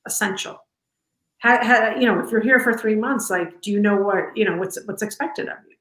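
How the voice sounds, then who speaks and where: A warm, chatty woman in middle age answers interview questions over a video call. She talks loosely, with plenty of fillers and restarts, at a mid pitch. Her voice carries a roomy echo. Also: normal speed. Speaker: company culture executive, interview guest. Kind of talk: casual interview conversation. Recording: echoey room.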